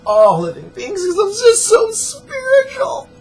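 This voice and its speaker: A man's voice: very high voice, wildly swooping pitch, a little slow, darkish tone, slight background noise, voice pushed up, heavily acted, rough recording. A man mocking a gushing, tearful would-be mystic. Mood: melodramatic. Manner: mocking, overwrought, quavering near tears. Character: gushing melodramatic would-be spiritual person.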